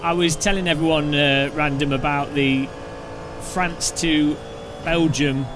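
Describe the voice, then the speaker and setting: A British man chatting his way through a sim race, his voice sitting a little higher than most men's. He rambles, jokes and slips into silly travel stories, with faint music playing softly behind him. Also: steady tone, unhurried. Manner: chatty, joking, rambling anecdotes. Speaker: sim racing streamer. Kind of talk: casual gameplay commentary.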